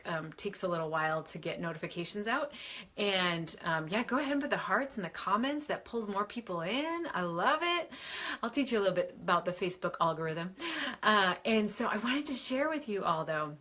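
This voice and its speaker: Gushing, bright-voiced woman. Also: medium pitch. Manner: gushing, excitable, laughs often. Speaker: medium hosting a live Q&A. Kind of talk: bubbly livestream chat.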